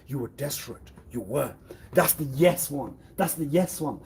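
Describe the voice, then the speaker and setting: A man on a solo live stream, rambling in circles and repeating phrases, with sudden loud outbursts. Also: mid-range voice, lively intonation, measured pace, breathy edge. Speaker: livestreamer.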